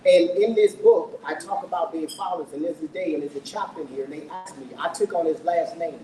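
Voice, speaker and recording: Middle-aged man, fairly high voice, earnest and emotional, personal storytelling to a live audience, echoey room, distant mic. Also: sing-song, fairly quick, warm tone, a little hiss or hum. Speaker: author speaking at his book launch.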